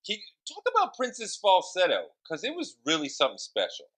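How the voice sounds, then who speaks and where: A man hosting a podcast, asking measured questions and sharing what his show covers. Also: sits high, wildly swooping pitch, bright, forceful tone, dry recording, low-quality recording. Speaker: podcast host, interviewer. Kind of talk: interview questions.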